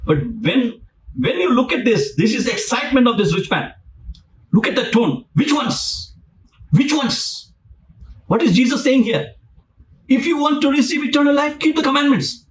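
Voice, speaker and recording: A man delivers an emphatic, repetitive sermon, dramatizing the scripture while he preaches. His voice is very high-pitched, animated and brisk, and the recording is rough with a distant mic.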